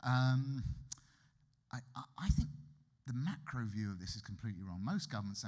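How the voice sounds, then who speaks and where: Lively British man giving a keynote. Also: medium pitch, moderate pace. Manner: lively, wry and conversational, with emphatic asides. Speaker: keynote speaker. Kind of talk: conference keynote lecture. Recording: reverberant hall.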